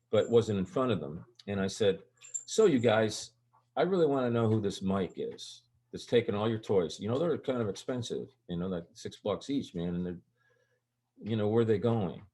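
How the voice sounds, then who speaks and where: A man's voice: fairly low pitch, lively intonation, moderate pace, warm tone. An older man, a guest on an interview show, telling stories in a casual, rambling way. His voice jumps up when he acts out quoted lines. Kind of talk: casual storytelling.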